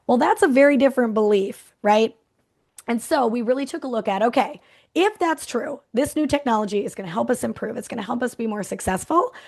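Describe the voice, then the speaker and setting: A middle-aged woman, a culture coach, giving a motivational talk and telling a story with acted-out quotes. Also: medium pitch. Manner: lively storytelling, acts out quotes of clients.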